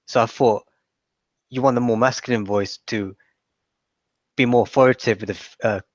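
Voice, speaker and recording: A man's voice: medium pitch, fairly even intonation, normal speed, dry recording. Man chatting on dull dry audio. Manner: chatty, rambling, with frequent restarts. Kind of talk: casual conversation.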